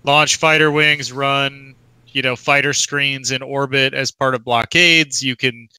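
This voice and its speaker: A man guesting as a game developer, eager and explanatory, with a very bright, crisp, smooth voice. The sound is close and dry, with little room. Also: medium pitch, steady tone, a little slow, no echo, low-quality recording. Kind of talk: casual interview talk. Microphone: online voice call.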